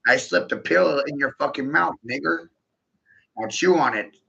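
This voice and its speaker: A man's voice: a little high, normal speed, gravelly, sharp tone. A man in a rambling, profane stream-of-consciousness monologue, giggling often and putting questions straight to the listener. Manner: profane, giggly, keeps breaking into laughter; rhetorical, addresses the listener directly. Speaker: vlogger. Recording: dull lo-fi recording.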